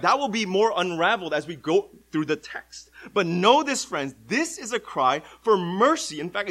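A man preaching with a lively, sweeping pitch that sits a little high for a man. He drops to near whispers, then rises to loud, stretched-out cries. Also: rough recording. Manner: animated, swings from hushed to loud cries. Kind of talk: sermon.

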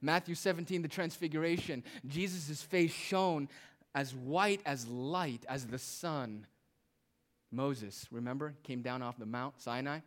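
A male pastor preaching a sermon, moving between loud, emphatic phrases and quiet, hushed asides. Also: mid-range voice, a little slow.

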